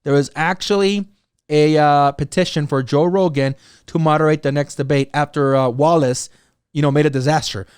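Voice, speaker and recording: A man's voice: on the high side, steady tone, moderate pace, smooth, no echo, clean studio sound. A man hosting his own podcast, talking through his opinions in casual solo commentary, rambling, with many "you know"s and "right?"s. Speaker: podcast host.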